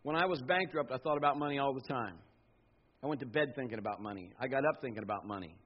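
A middle-aged man pastor preaching a sermon, telling personal stories with animated asides and quoted voices. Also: mid-range voice, quick pace, slightly rough. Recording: dull lo-fi sound.

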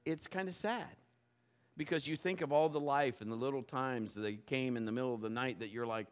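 A man preaching a sermon as pastor, acting out stories and swinging from hushed tones to shouts. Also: mid-range voice, fairly quick, smooth. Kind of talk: sermon with personal storytelling.

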